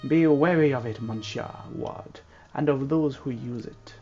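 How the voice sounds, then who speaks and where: A man's voice: mid-range voice, measured pace, dark tone, muffled recording, faint music behind, natural voice. A man reading a stern priest with a put-on French accent, in a raised, preachy voice. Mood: warning. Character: stern male priest warning against exorcisms. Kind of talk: reading game dialogue aloud.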